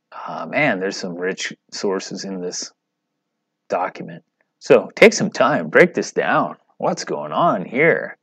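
Low-voiced man teaching a class. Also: slightly rough, no echo. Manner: conversational, digressive, asks the class questions. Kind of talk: classroom lecture over slides.

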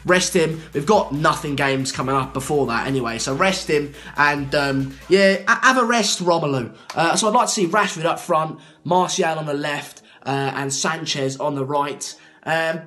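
A man's voice: on the high side, moderate pace, bright, forceful tone. A man, a football presenter rambling and joking through a match prediction. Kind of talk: casual self-recorded prediction.

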